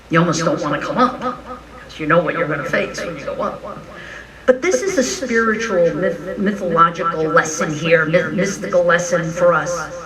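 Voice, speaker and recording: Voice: medium pitch, moderate pace, recorded from a distance, a crowd in the background, low-quality recording. A minister giving a frank, joking, conversational sermon at a live church service. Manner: animated storytelling, frank and joking.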